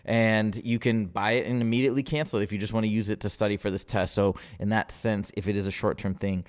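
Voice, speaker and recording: A man tutors math in a live session. He is upbeat and casual, and he talks his way through each problem out loud. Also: lowish voice, fairly even intonation, fast, clear, resonant tone. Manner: upbeat, casual, thinks aloud while solving. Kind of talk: live-streamed test walkthrough.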